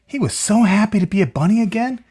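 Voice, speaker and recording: Brief: lively picture-book reader, very expressive pitch, chats and asks the child questions. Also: quick pace, breathy edge. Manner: chatty asides and questions to the listener. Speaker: storyteller reading to a child. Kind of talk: reading a picture book aloud.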